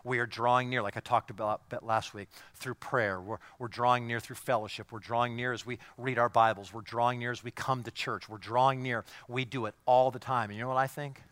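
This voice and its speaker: Forceful preaching pastor, man. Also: medium pitch, steady tone, a little fast, hardly any pauses, no echo. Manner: emphatic, repetitive preaching with rising intensity. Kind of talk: sermon.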